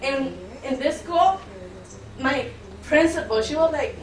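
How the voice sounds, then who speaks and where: A teenage girl from Mexico speaks, her tongue. She pleads earnestly and defiantly, near tears, her voice pitched high. The sound comes from a distance, with a roomy echo. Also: slow pace. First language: Spanish. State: close to tears. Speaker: student giving public comment. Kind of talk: emotional public testimony. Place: public board meeting room. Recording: echoey meeting room from far off.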